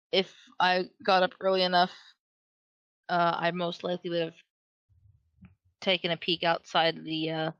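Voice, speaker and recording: A woman playing a tabletop game, talking in a hesitant, halting way with fillers. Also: lowish voice, fairly bright tone, no room sound. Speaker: player. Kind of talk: casual tabletop game chat. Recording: dry, dull lo-fi audio.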